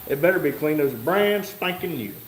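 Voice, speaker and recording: A man's voice: on the high side, expressive, fairly quick. A man hosting a live stream from a garage workshop, reading chat comments aloud with casual, wry asides. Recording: echoey room with faint noise.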